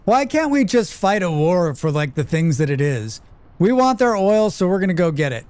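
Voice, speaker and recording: A US livestreamer casually chats and reads chat aloud as he plays, laughing frequently and swearing freely. His high voice is sing-song, darkish and smooth, at normal speed with no echo.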